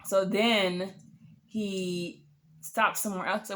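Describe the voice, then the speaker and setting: A young woman casually telling a dating story to camera, animated and sassy, swearing freely. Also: mid-range voice, normal speed, slight background noise.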